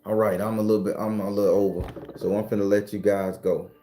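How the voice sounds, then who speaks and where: A man hosting a casual livestream, talking loosely, cursing freely and answering viewer comments, sometimes breaking into loud, high ranting. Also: level tone, quick pace, slight background noise. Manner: swings into loud, high-pitched ranting at times. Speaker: livestream host.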